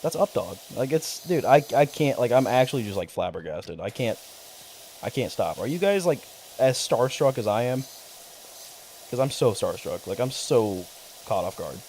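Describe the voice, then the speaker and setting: A young man talking to his chat on a stream in a loose, rambling way, cursing often and getting excited. His voice sits at an ordinary pitch but swings up and down freely. A faint hiss runs underneath. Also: moderate pace. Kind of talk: casual livestream chat.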